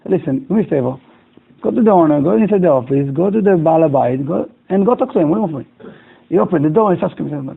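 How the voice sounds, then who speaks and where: A man's voice: a little high, expressive, quick pace, gravelly, breathy edge. A rabbi telling a moral story to his class in broken English, acting out each character's lines. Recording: tinny, phone-like lo-fi recording.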